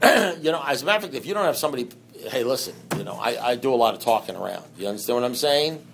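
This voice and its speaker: Man, mid-pitched, speaking at a recovery meeting: loose, digressive delivery, acts out exchanges, quiet faint noise behind. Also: expressive, racing, gravelly. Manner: conversational and rambling, full of "you know" asides; swings between loud bursts and low, quiet stretches. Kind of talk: personal recovery talk to an audience.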